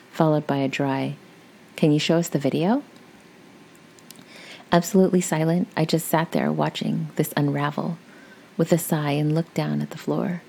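A woman's voice: deep voice, gravelly, a little mellow, a little hiss or hum. A woman reading a story aloud in a chatty, conversational way, with casual asides to her listeners. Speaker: story reader.

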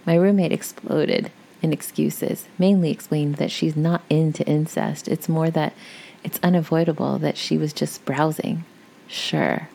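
A woman with a low, gravelly voice reads a story aloud in a relaxed, chatty way. Her tone is mellow and dark, and she drifts into casual asides now and then. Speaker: story reader.

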